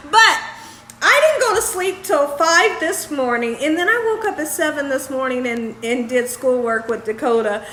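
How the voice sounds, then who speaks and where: A woman telling a story on her home vlog in a lively, laughing way. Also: high-pitched, moderate pace, few pauses. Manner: animated, laughs while telling. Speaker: vlogger. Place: home kitchen. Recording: echoey room, faint background noise.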